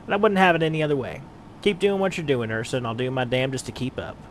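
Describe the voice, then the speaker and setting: A man's voice: medium pitch, quick pace, a little hiss or hum, close to an everyday voice. A man voicing an earnest, encouraging veteran male guild mentor.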